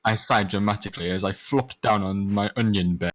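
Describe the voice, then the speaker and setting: A man's voice: fairly low pitch, fairly even intonation, a little fast, dry recording. Young man reading fanfic in a mock-dramatic way. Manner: sarcastic, overacted reading, stumbles over words. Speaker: reader of a fanfic with friends. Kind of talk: mocking dramatic read-aloud.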